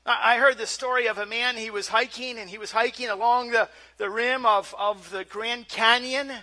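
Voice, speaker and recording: A male pastor delivering a sermon in an easy, conversational way, often doubling words as he begins a thought. His voice sits high for a man. The tone is very bright and clear. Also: fairly even intonation, normal speed. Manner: conversational, repeats words as he starts phrases.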